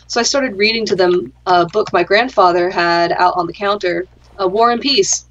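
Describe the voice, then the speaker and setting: A woman's voice: mid-range voice, fairly even intonation, moderate pace, dull audio. A young adult woman hosting a gaming chat, telling a story casually in a dry, sarcastic way and swearing freely. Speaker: gaming channel host.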